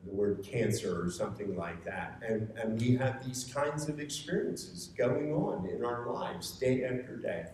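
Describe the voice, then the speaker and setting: A preacher with a mid-range, darkish voice gives a conversational sermon to a seated meeting-room audience, earnest and building to strong urging. The mic sits far away in an echoey space, and there's a bit of hiss or hum.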